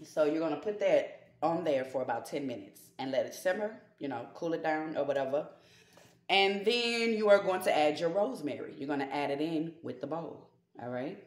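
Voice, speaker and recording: A woman in a casual home remedy vlog, chatty and folksy, calling viewers baby and y'all, slowing down whenever she reads from her notes. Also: deep voice, sing-song. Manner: slows down when reading from notes. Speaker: holistic healer vlogger. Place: home kitchen and backyard garden.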